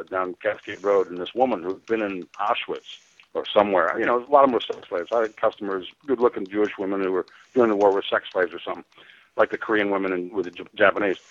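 A man's voice: lowish voice, fast talker, muffled recording. An American man calling in to a radio talk show, rambling with many restarts and fillers. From United States. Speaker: caller. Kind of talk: call-in radio rant.

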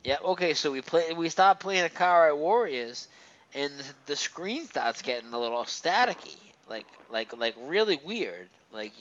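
A man's voice: medium pitch, a bit bright. A man telling a personal ghost story in casual chat, rambling, with lots of fillers and restarts. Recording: slightly dull, muffled recording.

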